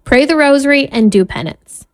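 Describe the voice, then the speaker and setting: A woman's voice: high voice, expressive, moderate pace, dry recording. A woman, probably in her thirties, giving a Catholic faith talk as a mother, earnest and candid, laughing at herself as she tells family stories. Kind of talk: personal faith talk with storytelling.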